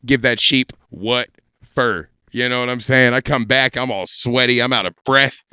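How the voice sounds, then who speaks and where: A stand-up comedian telling a crude story in a podcast studio, with a brash, animated delivery. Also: male voice, mid-range voice, moderate pace, smooth, no room sound.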